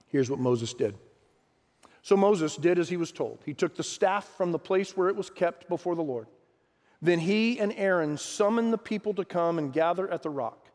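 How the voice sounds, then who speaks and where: A man's voice: on the high side, fairly quick, darkish tone. Man preaching in a reverberant hall. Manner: conversational preaching with asides to the congregation. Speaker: pastor. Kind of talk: sermon.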